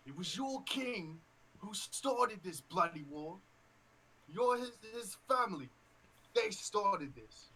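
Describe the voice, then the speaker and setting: A man shouting as a furious orc soldier. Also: high voice, animated, slightly rough, voice pushed up, heavily acted, poor audio. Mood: enraged. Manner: shouting, slow and accusing.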